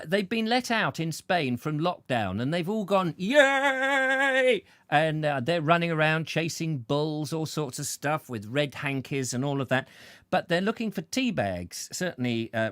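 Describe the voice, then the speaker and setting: A man's voice: fairly high pitch, no room sound. A man hosting a chatty show, rambling playfully and tripping over names as he reads out comments. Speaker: show host. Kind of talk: chatty live-stream banter.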